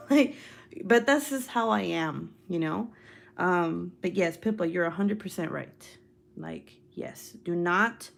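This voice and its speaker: A young woman hosting a casual livestream, chatting with viewers, swearing freely and laughing often. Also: fairly low pitch. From United States. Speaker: livestream host reading viewer comments. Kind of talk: casual live chat.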